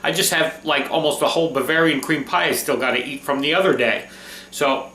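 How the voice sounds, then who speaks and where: A man's voice: a little high, brisk, sharp tone, roomy sound, recorded from a distance, a little hiss or hum. A man hosting a cooking vlog, talking casually and enthusiastically through a recipe, often checking in with "okay?".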